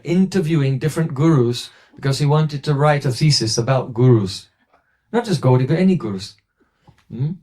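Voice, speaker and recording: A man gives a relaxed devotional talk, spinning a story at an easy pace. His voice is mellow and dark, sitting a touch above a typical male pitch, and he drops lower when quoting others. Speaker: spiritual teacher.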